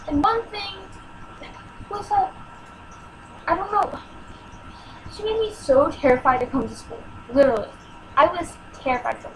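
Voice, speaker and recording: A woman's voice: very high voice, moderate pace, pauses often, slight background noise, poor audio. A teenage girl telling a personal story in a home vlog, exasperated and emotional as she acts out what people said. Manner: emotional, exasperated retelling with acted-out quotes.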